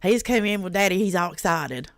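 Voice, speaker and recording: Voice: medium pitch, lively intonation, quick pace. A host chatting on a reaction livestream, greeting viewers by name and swearing in a folksy, drawling way. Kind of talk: casual reaction livestream chat.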